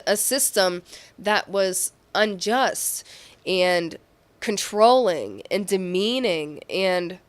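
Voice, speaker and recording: Smooth-voiced woman giving a tarot reading. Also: medium pitch. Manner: earnest, encouraging, thinks aloud with restarts. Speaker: tarot reader.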